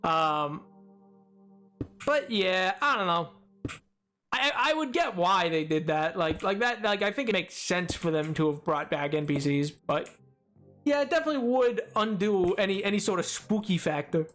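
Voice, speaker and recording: A man's voice: high voice, expressive, moderate pace, fairly bright tone, soft background music. Stammering, rambling man streamer. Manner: rambling, stammering self-deprecating banter. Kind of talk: casual gameplay commentary. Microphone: desk microphone.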